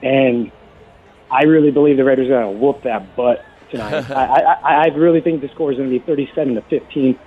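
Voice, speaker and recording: A man calling in to a sports radio show, talking earnestly with halting restarts over a phone line. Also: medium pitch, husky. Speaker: caller. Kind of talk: emotional call-in to sports radio. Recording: tinny phone line with faint music.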